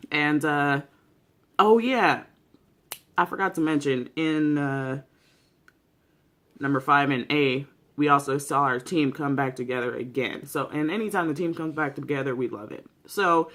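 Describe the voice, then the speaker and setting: A young adult YouTuber in a casual, excitable vlog commentary, with lots of slang, swearing and fillers. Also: mid-range voice, moderate pace. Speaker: YouTuber reviewing a TV series.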